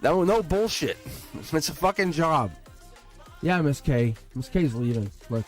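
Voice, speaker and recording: A man giving a live-stream tarot reading, excitable and blunt, swearing and laughing as he talks to viewers. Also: a little high, a little slow, soft background music. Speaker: tarot reader.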